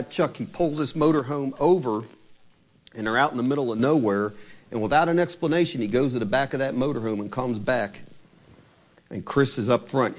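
A man preaching, his voice sitting at an ordinary middle pitch. He retells a story in a conversational way and turns dramatic at key moments. He speaks directly to his congregation. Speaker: pastor. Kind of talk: sermon storytelling.

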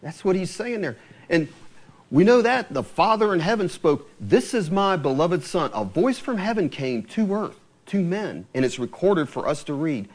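A man preaching a sermon, quoting scripture with lively, rising emphasis. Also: sits high, normal speed.

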